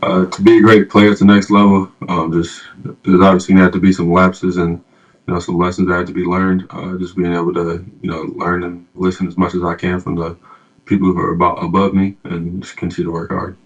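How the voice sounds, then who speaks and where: A young man answers interview questions in a very low, flat voice, softly and with many fillers. The recording sounds dull and lo-fi. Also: brisk, husky. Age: young adult. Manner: soft-spoken, many fillers. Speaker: rookie athlete interviewee.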